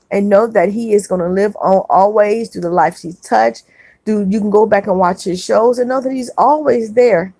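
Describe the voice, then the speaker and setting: A woman hosting a livestream, reading chat comments aloud and gently consoling viewers, often repeating her words. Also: medium pitch, no echo. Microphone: phone.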